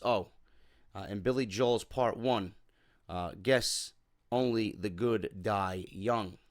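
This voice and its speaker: A man's voice: on the low side, fairly bright tone, no echo, studio quality. A man hosting a wrestling show, reading a viewer's letter aloud and replying in a casual, sympathetic way, with many fillers and "man" tacked onto his sentences. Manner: casual, filler-heavy, says "man" often.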